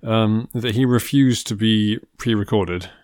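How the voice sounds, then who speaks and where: Brief: male podcast co-host, wry and halting, dead-dry close recording. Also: lowish voice, a little mellow, clean tone, no room sound. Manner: hesitant, dry humour, many restarts. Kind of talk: casual film podcast chat.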